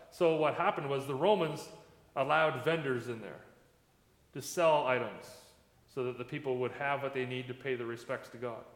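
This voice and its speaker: A man's voice: on the high side, fairly bright tone. A man, a pastor, giving a sermon in a conversational preaching manner, recorded in a church sanctuary. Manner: conversational preaching with plain everyday comparisons. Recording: echoey church hall with long reverb.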